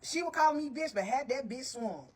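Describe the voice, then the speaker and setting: A woman telling a story to her viewers in a casual, animated and blunt way, heavy on profanity, with frequent asides to her listeners. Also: sits high, moderate pace, breathy edge.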